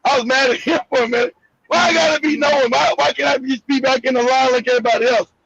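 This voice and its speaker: An American man hosting a live discussion, telling a story with passion. He is emphatic and profane, often shouts, and laughs through his stories over a video call. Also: very high voice, fairly even intonation, fast talker, creaky, breathy edge, dull audio. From United States. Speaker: show host.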